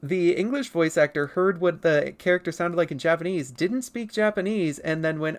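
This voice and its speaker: It's close to 4 a.m., and a streamer sketching for viewers rambles through chat questions with plenty of laughs. The tone stays steady, though the pitch is purposely pushed above its natural level.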